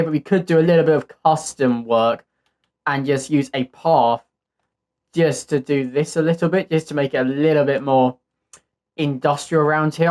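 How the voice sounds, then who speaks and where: Hosting his own channel, a man with a fairly high, slightly mellow voice offers casual gameplay commentary, thinking aloud in an easygoing way as he builds.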